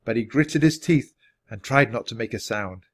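A man with a voice of middle pitch narrating a children's chapter book. He reads at an even, natural pace and keeps the storytelling clear. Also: normal speed. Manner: steady, clear read-aloud pacing. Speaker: storybook reader.

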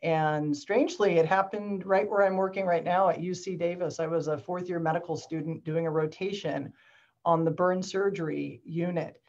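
A woman's voice: fairly low pitch, steady tone, normal speed, darkish tone, dull audio. A woman in her forties, a doctor, talking in a hesitant, reflective way over a video call. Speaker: doctor and guest author.

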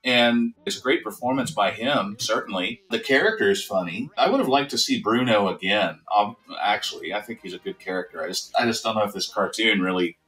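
Bright-voiced man on a distant computer mic. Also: lowish voice, a little fast, few pauses. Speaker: co-host of a cartoon review show. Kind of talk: casual review chat. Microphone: computer mic on a call.

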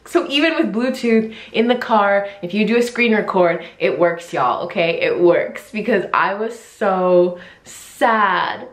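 A young woman chatting excitedly in a casual reaction vlog, giggling and squealing now and then. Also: medium pitch, unhurried. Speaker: vlogger. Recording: echoey room.

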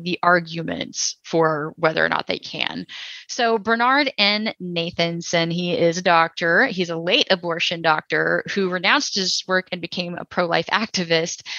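A woman's voice: lowish voice, pushed and bright, dry recording, dull audio. A young adult woman from Texas co-hosting a podcast, talking casually and opinionatedly with lots of fillers. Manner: chatty, many fillers, opinionated. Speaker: podcast co-host.

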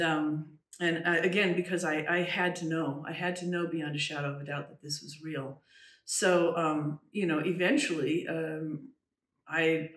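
A woman tells a personal story in an earnest, halting way, often restarting her sentences and falling to a hush at the eerie moments. She sits back from the microphone. The room adds a clear echo around her voice. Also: low voice. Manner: earnest, halting, with many restarts and "you know"; drops to a hushed voice when recounting the eerie moments. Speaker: trance channel medium, interview guest. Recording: roomy, distant from the mic.

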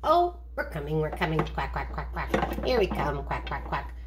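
A woman voicing two shy little duck sisters who quack in a low, soft way. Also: very animated, normal speed, very noisy. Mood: playful.

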